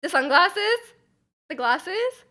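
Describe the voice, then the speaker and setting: A woman's voice: very high-pitched, sing-song, slow, pushed and bright. A young Canadian woman streaming live, chatting casually with her viewers, giggling and rambling with many restarts.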